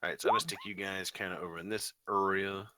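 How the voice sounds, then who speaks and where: A man's voice: sits low, fairly even intonation, fast, pushed and bright, a little hiss or hum. A man running a tabletop game as game master, narrating the scene in a rambling way full of fillers like "um" and "you know".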